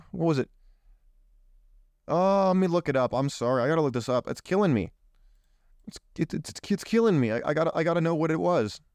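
Indignant male political commentator, clear voice. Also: fairly high pitch, dry recording, clean studio sound. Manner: indignant, rhetorical questions, rambling. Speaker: show host.

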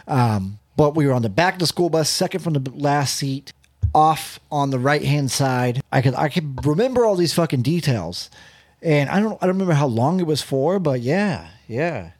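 A man's voice: medium pitch, no echo. A young man hosting a podcast, telling crude stories in casual banter with lots of swearing. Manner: animated storytelling, swears a lot. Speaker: podcast host.

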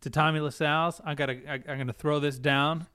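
A man co-hosting a podcast, chatting casually with a relaxed, wry way of talking. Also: a little high, fast talker, clean tone, no room sound. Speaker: podcast co-host. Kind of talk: casual chat.

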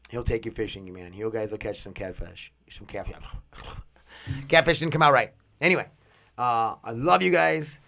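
Rambling, swearing man hosting a podcast. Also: medium pitch. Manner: rambling, loose and profane. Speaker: podcast host. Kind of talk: casual solo podcast monologue. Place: outdoors walking dogs.

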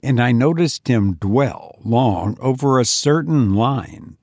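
A man narrating a first-person story in a measured, even way. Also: medium pitch, dry recording, studio quality. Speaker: audiobook narrator.

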